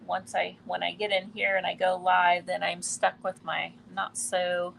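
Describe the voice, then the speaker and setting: Slow, gravelly-voiced woman teaching painting. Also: on the low side, slight background noise. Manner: relaxed, thinking aloud while painting, often trails off. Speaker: art instructor. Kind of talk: live painting demonstration. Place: quiet indoor studio in a building.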